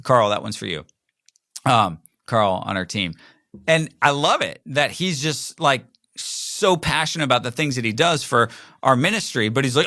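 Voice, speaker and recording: A man's voice: medium pitch, animated, moderate pace, bright, forceful tone, dry recording, clean studio sound. A middle-aged man hosting a podcast alone, talking casually in a rambling way and acting out quoted voices. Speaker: podcast host. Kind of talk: casual solo monologue.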